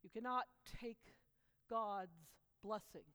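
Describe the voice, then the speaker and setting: A woman voicing a stern angel who gives a grave warning in a low, hushed voice, with long hall reverb. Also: takes it slowly. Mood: solemn. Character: stern solemn angel with a fiery sword.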